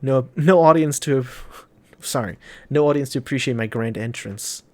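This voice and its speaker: A man's voice: mid-range voice, normal speed, a little mellow, no room sound, natural voice. A man reading the lines of a clever, cocky young male trickster, explaining in a matter-of-fact way.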